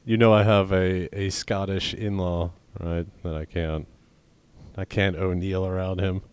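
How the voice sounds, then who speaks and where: Deep-voiced young man, deadpan podcast banter. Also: unhurried, smooth. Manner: deadpan, rambling, crude jokes. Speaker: podcast co-host. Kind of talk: casual comedic banter.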